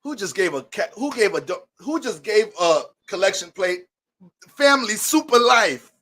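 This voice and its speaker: A man's voice: high voice, sing-song, moderate pace, a bit bright. A man hosting an astrology livestream, greeting viewers by name in playful mock-preacher banter.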